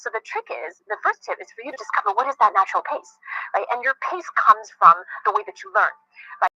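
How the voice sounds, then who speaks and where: A woman coaching listeners on clear speech, talking quickly and emphatically and often checking in with "right?". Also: medium pitch, very animated, sharp tone, no echo, highs cut off. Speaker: speaking coach. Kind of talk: instructional talk on speaking clearly.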